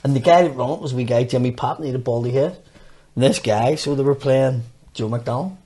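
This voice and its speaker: A man's voice: mid-range voice, fast talker, warm tone, husky. A man telling sweary stories in a casual podcast chat, laughing through them. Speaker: podcast host. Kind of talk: casual pub-style storytelling.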